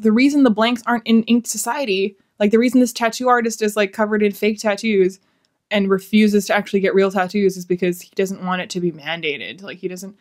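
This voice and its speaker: A woman giving a casual, rambling book review, sounding exasperated and swearing freely. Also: medium pitch.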